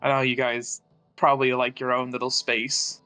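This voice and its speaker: A man's voice: mid-range voice, little pitch movement, normal speed, sharp tone, smooth, soft background music, lightly acted. A man playing a young male student who charms with breezy, slightly stammering talk in a tabletop game. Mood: charming.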